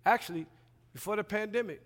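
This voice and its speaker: A man in his thirties preaching a sermon as a pastoral resident, swinging between loud emphatic passages and quiet asides, colloquial and acting out dialogue. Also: sits high, fast. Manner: colloquial, plays out dialogue in voices. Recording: long hall reverb.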